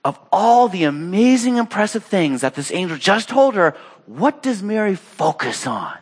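A man preaching a sermon, reading scripture and telling stories in an animated way, acting out the voices he quotes. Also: normal speed. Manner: animated storytelling, acts out quotes with big pitch jumps. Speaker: pastor.

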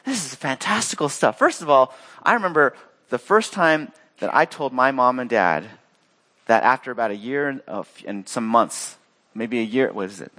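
A man preaching a sermon, reading scripture and telling stories in an animated way, acting out the voices he quotes. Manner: animated storytelling, acts out quotes with big pitch jumps. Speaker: pastor.

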